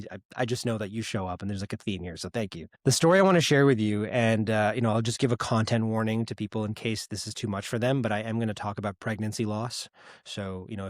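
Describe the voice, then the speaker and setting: A man's voice: lowish voice, dry recording, studio quality. A man in his thirties, a podcast guest, telling a painful personal story in an earnest, reflective way. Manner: earnest, reflective, gets choked up at moments.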